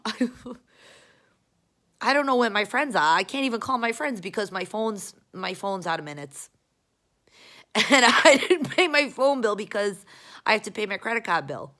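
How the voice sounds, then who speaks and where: A woman's voice: mid-range voice, fairly bright tone. Profane rambling woman. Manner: profane, chatty, self-mocking. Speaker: vlogger. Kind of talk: rambling casual monologue.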